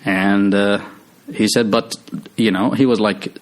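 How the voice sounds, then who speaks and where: A man's voice: lowish voice, fairly even intonation, moderate pace. A man casually retelling a movie's story, rambling with lots of fillers and restarts. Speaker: movie recap host.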